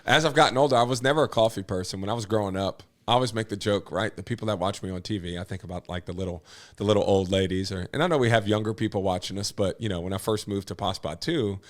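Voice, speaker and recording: A high-strung man chats as an interview guest. His voice sits low, and he talks with bursting energy and street slang. The delivery is loose and excitable. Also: fast. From New Orleans. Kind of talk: casual interview chat.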